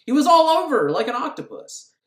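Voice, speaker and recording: Man voicing a high, glib, offhand doctor, echoey room. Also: sing-song, brisk. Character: flippant shady male doctor. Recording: roomy echo.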